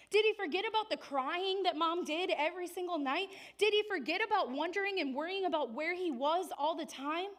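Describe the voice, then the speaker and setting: A resentful older brother airs his grievances in high, raised, indignant questions, as a woman acts him out. He sounds bitter and aggrieved about how unfair things are. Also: a bit bright. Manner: indignant rapid-fire questions.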